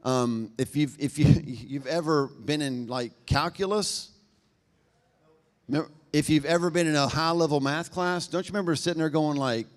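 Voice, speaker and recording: A man preaching a sermon, talking fast and conversationally with a self-deprecating humor. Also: a little high. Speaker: pastor.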